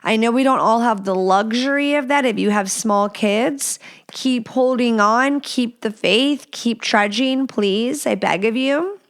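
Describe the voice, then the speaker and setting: A woman's voice: on the high side, measured pace. A woman hosting a podcast, talking in a frank and blunt way as she answers listener questions, swearing freely and using lots of fillers. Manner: chatty with many fillers. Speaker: podcast host.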